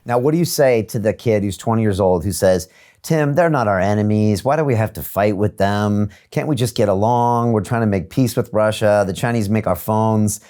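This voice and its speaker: A man hosting an interview, asking measured, probing questions. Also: fairly low pitch, mellow. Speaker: podcast host.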